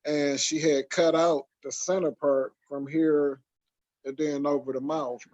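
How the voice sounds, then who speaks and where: This casual podcast chat features a male host from Michigan, USA whose voice sits on the high side, steady, unhurried and a bit mellow. He wanders through long stretches full of fillers and restarts, captured in dull lo-fi sound.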